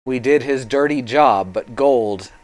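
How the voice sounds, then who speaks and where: A man voicing a grieving, guilt-ridden masked fighter in a live-streamed tabletop game, telling the story slowly and haltingly. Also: medium pitch, no room sound, lightly acted, poor audio. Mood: mournful. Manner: slow, halting, tearful storytelling.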